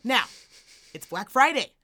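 A woman co-hosting a podcast, telling a comedic story in a sassy, profane, animated way. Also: fairly high pitch, measured pace. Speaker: podcast co-host.

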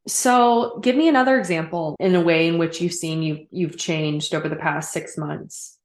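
A woman hosting a podcast interview, asking questions and affirming her guest gently. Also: sits low, normal speed, reverberant. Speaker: podcast host.

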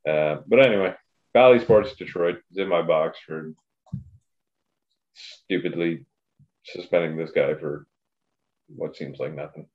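A man's voice: a bass voice, measured pace, long pauses, highs cut off. A man in casual sports chat on a podcast, giving blunt, profane opinions. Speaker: podcast co-host.

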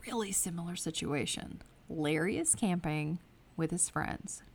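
A woman's voice: on the low side, a little slow, creaky, a little mellow, slightly rough. A woman co-hosting a casual true-crime podcast chat, telling the case in a sarcastic, storytelling way and swearing casually. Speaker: podcast co-host.

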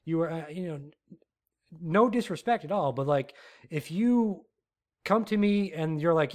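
A man with a somewhat higher voice hosts his own podcast in a solo rant. He talks in an animated, rambling way, circling back with frequent fillers and restarts. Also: unhurried, pauses often. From Texas. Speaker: podcast host.

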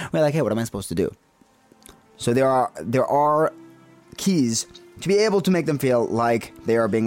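A man teaching counseling skills in an instructional talk, earnest and emphatic, with pauses and fillers. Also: mid-range voice, a little mellow.

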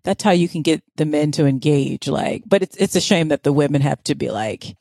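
A woman's voice: low-pitched, a little fast, gravelly, dark tone, dry recording, studio quality. A woman podcast co-host chatting casually, mostly agreeing and adding short remarks. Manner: laid-back, agreeing reactions. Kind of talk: casual chat.

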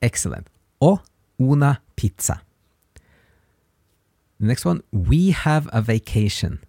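Male podcast teacher, patient and slow with examples, animated pitch, dry sound. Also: no room sound. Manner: patient, repeats words slowly for learners. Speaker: language teacher, podcast host. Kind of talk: casual podcast lesson.

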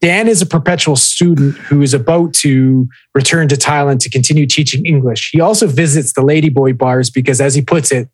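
A man's voice: fairly high pitch, fairly even intonation, brisk, few pauses, breathy edge, no echo, poor audio. A man co-hosting a casual podcast, telling a story with lots of swearing and reading listener posts aloud. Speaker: podcast co-host.

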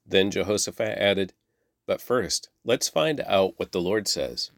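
A man reading a Bible passage aloud in a measured, plain way, lifting his voice for quoted lines. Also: low-pitched, no room sound, clean studio sound. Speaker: Bible reader. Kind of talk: scripture reading.

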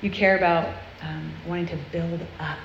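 A woman's voice: on the low side, little pitch movement, normal speed, creaky, slight background noise. Earnest woman preaching in a roomy hall. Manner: earnest, confessional, conversational, with tag questions. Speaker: speaker at a girls' church event. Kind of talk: sermon. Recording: roomy, muffled sound with faint ambience.

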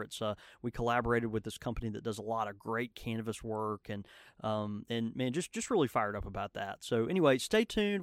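A man's voice: fairly low pitch, dry recording, studio quality. A man co-hosting a podcast in casual chat. He is enthusiastic and full of fillers and restarts. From Southern United States. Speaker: podcast co-host.

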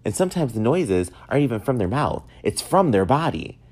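A man in his thirties hosting a casual solo podcast, telling stories in an animated, self-mocking way. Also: mid-range voice, a little fast. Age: 30s. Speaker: podcast host.

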